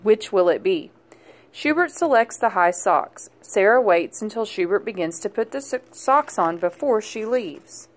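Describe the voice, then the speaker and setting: A woman narrating a children's picture book aloud in a clear, gentle storytelling manner. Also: medium pitch, animated, normal speed, hardly any pauses. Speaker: storybook reader.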